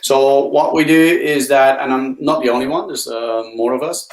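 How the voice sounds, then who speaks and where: Heard over a video call, this Belgian guest speaker on a live interview recounts stories eagerly, his voice swooping up to stress points. His intonation is fairly even otherwise and his speed normal, while the low-quality recording picks up an echoey room.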